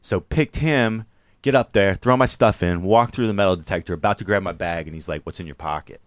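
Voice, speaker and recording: A man's voice: on the low side, a little fast, no room sound, studio quality. A man casually telling a story, laughing often and acting out the quotes. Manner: laughing, animated, acts out quotes.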